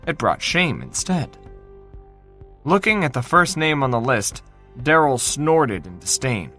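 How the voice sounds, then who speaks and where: A man narrating a fantasy novel in an expressive, dramatic reading style. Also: mid-range voice, unhurried, faint music behind. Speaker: audiobook narrator.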